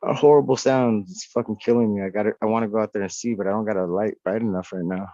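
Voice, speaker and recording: Profane, excitable male guest, slightly low voice, muffled remote-call audio. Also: fast talker, no room sound. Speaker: podcast guest. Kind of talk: casual chat. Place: off-grid homestead at night.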